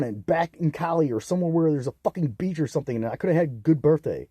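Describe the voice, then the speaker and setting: A young man ranting angrily on his own, profane and bitter, swinging into loud outbursts. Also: fairly high pitch, quick pace, few pauses, no room sound, clean studio sound. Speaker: vlogger. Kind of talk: angry solo rant to camera.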